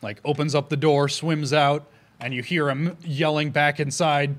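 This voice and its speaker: A man's voice: on the high side, steady tone, moderate pace. A man narrating a tabletop fantasy game as game master, rambling with many fillers and restarts.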